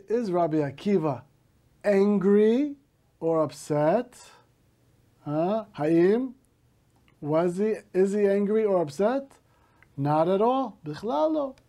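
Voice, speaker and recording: Slow, patient male teacher. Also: high voice, dark tone. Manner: slow and patient, glossing words in Hebrew. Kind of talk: classroom English lesson reading a story aloud.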